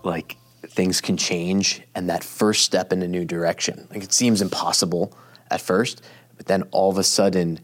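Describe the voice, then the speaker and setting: A man's voice: low voice, steady tone, moderate pace, soft background music. A man interviewing a guest, reflecting on what was said and asking encouraging follow-up questions. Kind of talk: conversational interview.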